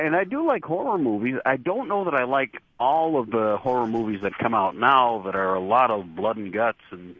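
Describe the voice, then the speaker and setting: Low-voiced chatty man. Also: no room sound. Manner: chatty, laughs easily. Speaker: horror show host being interviewed. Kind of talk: casual interview answers. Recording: dull lo-fi dry line.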